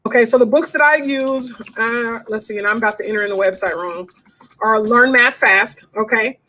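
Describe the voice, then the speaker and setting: Fairly high in pitch with a fairly bright tone, a woman's voice leads a homeschooling Q&A streamed live from her home desk. She talks plainly and informally, greeting her audience as y'all.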